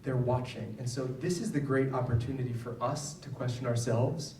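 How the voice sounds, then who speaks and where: A man with a mellow, mid-range voice, fairly even intonation and normal speed speaks to parents as a psychologist in a school event hall. His public lecture is conversational, drawing on personal stories, with frequent "right?" check-ins. The recording is roomy and distant-miked, with faint ambience and slight background noise.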